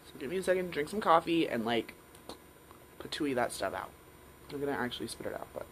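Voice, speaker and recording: A woman's voice: low voice, animated, a little fast, a little hiss or hum, rough recording. A woman hosting a live stream, talking frankly and casually with some swearing and acting out her own inner voices. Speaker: live show host. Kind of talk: candid live-stream monologue.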